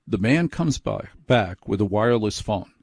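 A man's voice: fairly low pitch, lively intonation, normal speed, vocal fry, a little mellow, slightly rough, no room sound. A man hosting a late-night radio show, telling a story in a chatty, self-deprecating, rambling way from a studio mic.

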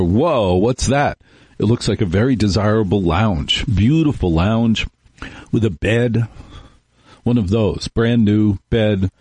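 A man's voice: fairly low pitch, a little mellow, breathy edge, no echo. A middle-aged man hosting a radio talk show, rambling through wry stories from his day in a casual monologue. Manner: rambling, wry, storytelling with acted-out quotes. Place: radio studio. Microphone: studio microphone.

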